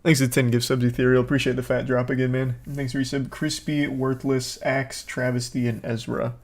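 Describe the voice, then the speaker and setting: A man's voice: medium pitch, flat delivery, a little fast. A man streamer giving rambling, casual commentary on a clip, swearing freely and laughing at himself. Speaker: streamer reacting to a video.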